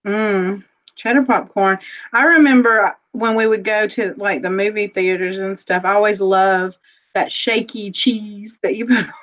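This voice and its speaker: A woman's voice: mid-range voice, fairly even intonation, a little slow, a bit bright, highs cut off. A woman running a live jewelry sale, chatting casually and describing each piece in detail. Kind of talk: casual live-stream selling chat.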